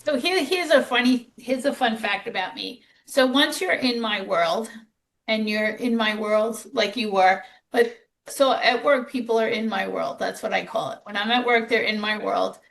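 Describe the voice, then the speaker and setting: Woman, podcast host, nurse, chatty storyteller, gravelly fry. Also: on the high side, normal speed, fairly bright tone. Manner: chatty, storytelling, quotes herself. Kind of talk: podcast conversation.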